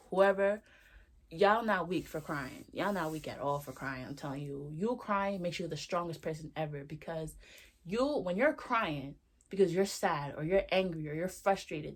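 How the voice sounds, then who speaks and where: A young woman with a slightly low-pitched voice talks into a close camera, sharing a candid video diary. Her speech is loose and slangy, full of fillers and asides as she reflects out loud. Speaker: vlogger.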